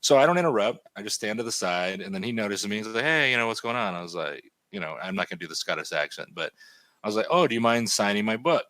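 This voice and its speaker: Man, low-pitched, casual, animated, profane, dry sound. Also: fast talker, no echo. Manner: animated, swears a lot. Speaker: artist and stream host. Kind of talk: casual storytelling chat.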